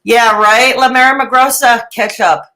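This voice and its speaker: A woman's voice: on the high side, steady tone, moderate pace, sharp tone, poor audio. A middle-aged woman doing live reaction commentary, sarcastic and mocking, with dramatic asides and laughs. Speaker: reaction streamer.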